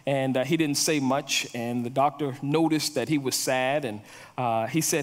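A man's voice: medium pitch, steady tone, normal speed, big-room sound. A male pastor preaching a sermon, telling stories and repeating words as he builds a point.

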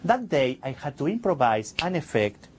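A man works a crowd as a stage magician, his voice rising and falling with animated energy. He talks playfully in slightly broken English, and a faint hiss sits under the recording. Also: on the high side, moderate pace. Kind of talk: stage magic patter to an audience.

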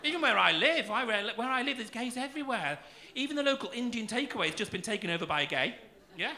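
A man's voice: very high voice, animated, fast talker, sharp tone. A man doing a stand-up set, cheeky and camp, teasing the crowd and swearing freely. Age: 40s. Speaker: stand-up comedian. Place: comedy club stage. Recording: noisy club room with audience. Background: audience laughter.

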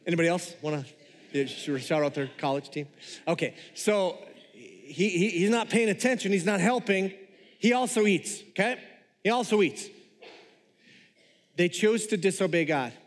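A pastor delivering a sermon in a conversational manner, joking with the congregation. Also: male voice, high voice, normal speed, in a large hall.

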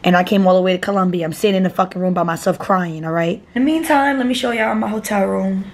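Talking at a quick pace in a mid-range voice, with a little hiss or hum in the audio, a young woman from New York records a casual phone vlog at arm's length. She's in an airport and then a hotel room, blunt, profane and occasionally tearful.

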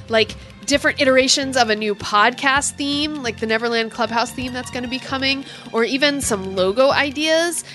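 A woman's voice: sits high, pushed and bright. A woman co-hosting a podcast, chatting casually and promoting the show in an upbeat way. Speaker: podcast co-host.

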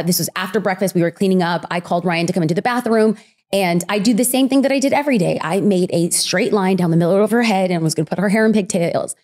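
A woman in her thirties, a podcast guest telling a personal story in an animated conversational way, acting out quotes. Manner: animated, acts out quotes with big pitch jumps.

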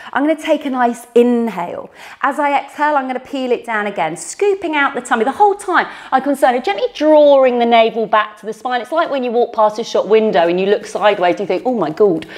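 A woman's voice: fairly high pitch, lively intonation, brisk. A woman leading an at-home pilates class, counting reps and cueing moves while exercising, slightly out of breath, with a mic close to her mouth. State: a little out of breath. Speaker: pilates instructor. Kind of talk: guided workout instruction. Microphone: microphone close to mouth.

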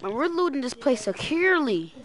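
A woman giving excitable, chatty, rambling commentary while playing a game with friends. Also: high-pitched, fairly quick. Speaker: gaming video host. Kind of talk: casual gameplay commentary.

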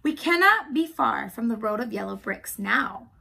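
A woman reading as a gentle straw scarecrow. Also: on the high side, expressive, moderate pace, gravelly, husky, heavily acted. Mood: earnest.

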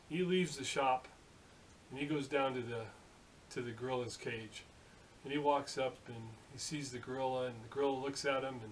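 A man in his late fifties casually telling a long joke in a folksy, rambling way, with many fillers and restarts. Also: medium pitch. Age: late 50s. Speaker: hobby machinist video host. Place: home workshop. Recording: distant mic with faint hiss.

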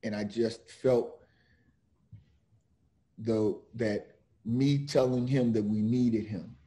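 A middle-aged man, an author and defense lawyer, speaking slowly and earnestly with many pauses, partly reading his own book aloud. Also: mid-range voice, steady tone, dark tone. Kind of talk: reflective talk with read-aloud book passage.

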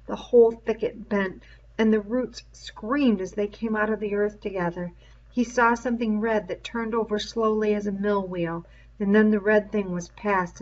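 Woman reading a novel aloud, lo-fi. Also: medium pitch. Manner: measured storytelling with voiced cries. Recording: dull lo-fi recording.

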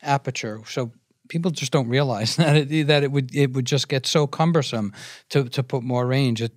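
A man's voice: medium pitch, moderate pace, no echo, studio quality. Male guest explaining lens gear. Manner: explanatory, restarts phrases while making a point. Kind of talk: casual podcast discussion.

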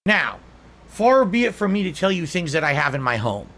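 A man's voice: fairly high pitch, sing-song, moderate pace, fairly bright tone. A man telling a rambling, repetitive story in a self-pitying way, played back from a clip.

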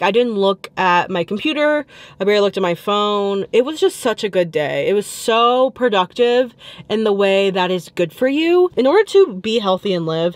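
A woman's voice: medium pitch, no echo. A woman chatting casually to her vlog from inside a car, talking into a handheld phone with a chatty, exclamation-filled manner. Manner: chatty, animated, frequent exclamations. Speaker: vlogger. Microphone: handheld phone camera.

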